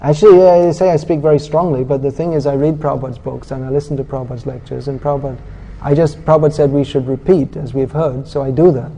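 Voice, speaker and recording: A man's voice: medium pitch, fairly even intonation, fast talker, vocal fry, dark tone, slight background noise. A man giving a sermon in a blunt, scolding and sarcastic manner, as a preacher giving a scripture class in a temple or lecture hall.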